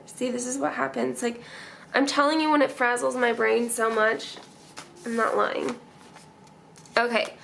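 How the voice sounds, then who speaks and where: Woman, young adult, planner vlogger, casual rambling chat, slightly high pitch, gravelly fry. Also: a bit bright, slight background noise. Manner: chatty, rambling, emotional, laughs often.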